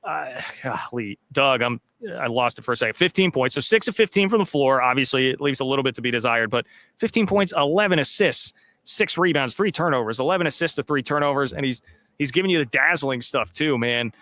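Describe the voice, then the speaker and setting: Bright, upbeat male sports podcast host. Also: medium pitch, lively intonation, brisk, no echo. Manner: upbeat, filler-heavy, reads sponsor plug. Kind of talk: casual sports chat.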